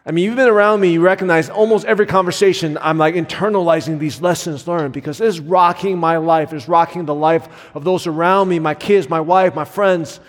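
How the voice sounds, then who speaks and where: A male pastor in his thirties delivers an earnest, conversational sermon, often dropping in fillers as he talks. His voice sits fairly high for a man. The sound rings out with a long reverb tail from the church hall. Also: brisk, hardly any pauses. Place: church sanctuary.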